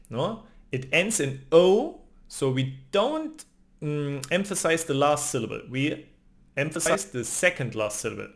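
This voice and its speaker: A man's voice: a little high, fairly bright tone. A man giving an online language lesson, explaining patiently and often ending lines with a questioning "no?". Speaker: language teacher.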